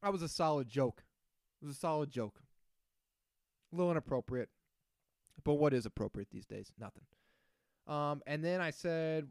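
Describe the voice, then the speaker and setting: A man's voice: on the high side, animated, normal speed, long pauses, no echo, clean studio sound. Sarcastic man ranting on a podcast. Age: 30s. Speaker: podcast host. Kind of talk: casual solo podcast rant.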